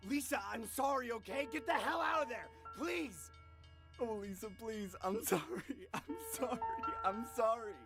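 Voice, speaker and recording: A man acting out a panicked young boyfriend who shouts and pleads desperately in a horror story. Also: extremely high pitch, lively intonation, normal speed, music in the background, voice pushed up. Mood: frantic. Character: panicked young man begging his girlfriend.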